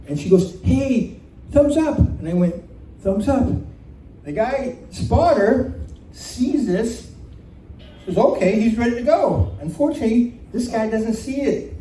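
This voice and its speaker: A man telling a personal story live to a room, animated and laughing as he goes. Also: high-pitched, recorded from a distance, a little hiss or hum. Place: community center room. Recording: roomy hall recording from off-mic.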